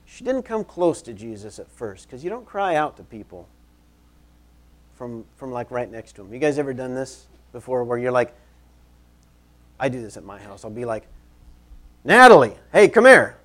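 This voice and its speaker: A man preaching a sermon in church, conversational and animated, repeating phrases for emphasis as he moves about. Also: medium pitch, normal speed. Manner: moves around while preaching. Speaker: pastor.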